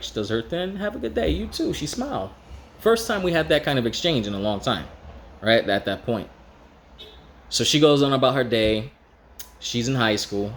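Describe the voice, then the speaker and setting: A man with a fairly low voice tells a story from his own life in a casual, frank manner and swears now and then. When he quotes someone, his pitch jumps up and he acts the lines out with animation. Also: a little hiss or hum. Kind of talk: personal storytelling.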